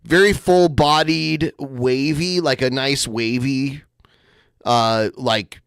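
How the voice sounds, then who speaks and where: A man's voice: medium pitch, takes it slowly, vocal fry, clear, resonant tone, no room sound, clean studio sound. A man hosting a podcast, sarcastically commenting on a video clip. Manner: sarcastic, lively mimicry. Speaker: podcast host.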